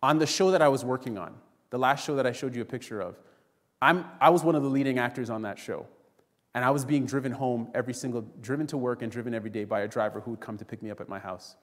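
A man's voice: mid-range voice, fast talker. A man preaching a sermon to a congregation, telling a story and acting out the voices of the people in it. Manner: storytelling, acts out quoted voices, addresses congregation as friends. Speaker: pastor. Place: church sanctuary. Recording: long reverb in a church hall.

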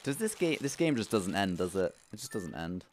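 A young man streaming a farming game, who swings from loud outbursts to low muttering. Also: very animated, a little fast, over music. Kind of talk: live gameplay commentary.

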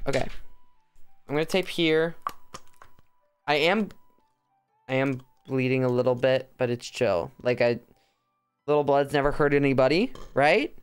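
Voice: medium pitch, smooth. Streamer, lockerer Livestream-Plauderton, weitschweifig und gespielt dramatisch, glatte Stimme, leise Musik im Hintergrund. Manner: chatty, rambling, mock-dramatic. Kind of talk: casual livestream chat while crafting.

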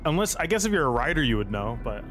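A man's voice: mid-range voice, very animated, fast talker, over music. A young man streaming a game, rambling and swearing through casual, joking reactions. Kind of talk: casual live commentary.

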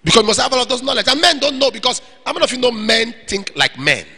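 Preacher, male, high and expressive voice, animated sermon to singles, long hall reverb. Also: fast, slightly rough. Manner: animated preaching, acts out little scenes. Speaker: pastor. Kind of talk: sermon to young single men.

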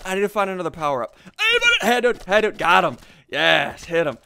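Young male gamer, high lively voice, hyper and giggly, live game commentary into a desk mic. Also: quick pace, vocal fry, clean tone. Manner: hyper, shouty, giggly, swings between mutters and yells. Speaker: gaming YouTuber. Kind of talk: excited Minecraft commentary.

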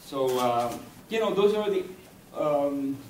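Fairly high-pitched, expressive and darkish, a male poet from Cuba gives a university lecture in English, Spanish being his first language. His delivery is halting and digressive as he searches for words, with echo, a distant mic and faint hiss.

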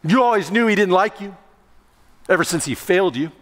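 A male pastor delivering a sermon with lively storytelling, now and then shouting out acted lines. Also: high voice, a little fast. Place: church sanctuary. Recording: long reverb of a church sanctuary.

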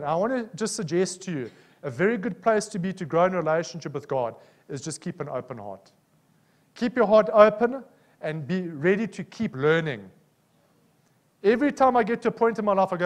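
Man, South African accent, preacher, fairly high voice, lively storytelling sermon. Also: brisk. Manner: animated, personal storytelling with frequent "Amen?" calls.

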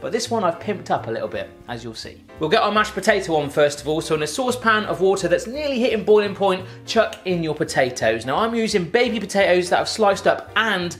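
A man's voice: high voice, expressive, a little fast, few pauses, a bit bright, faint music behind. A British man hosting a home cooking tutorial in his kitchen, chatty and playful with jokey asides. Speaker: cooking show host.

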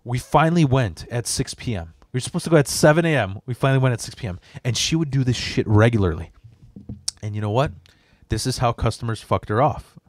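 A young man hosting a podcast, telling a story in a casual, rambling, profane way and getting animated as he goes. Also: mid-range voice, fast talker, no echo, clean studio sound. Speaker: podcast host.

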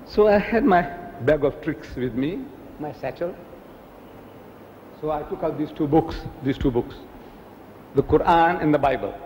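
A man preaching in a public lecture, lively and emphatic, firing rhetorical questions and repeating key words. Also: on the high side, a little slow, pauses often, big-room sound, slight background noise, low-quality recording. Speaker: Islamic preacher and debater.

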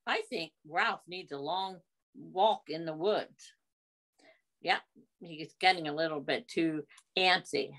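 A woman's voice: low voice, slow, long pauses, a bit bright. A woman leading a children's library storytime, reading a picture book aloud in a coaxing sing-song way and asking the kids questions.

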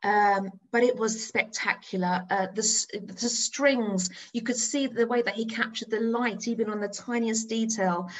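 A middle-aged woman from north-west London, a teacher, giving a lively storytelling talk. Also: fairly high pitch, a little slow, few pauses, rough recording. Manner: animated storyteller, acts out her own excited voice.

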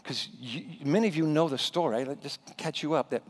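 A male pastor preaching a sermon in a church, telling the story in an animated, dramatic way. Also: fairly high pitch, a little fast. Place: church sanctuary. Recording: reverberant church hall.

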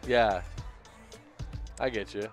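A man's voice: lowish voice, steady tone, faint music behind. A man co-commentating a fighting game tournament, bantering in a rambling way. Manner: rambling, halting restarts.

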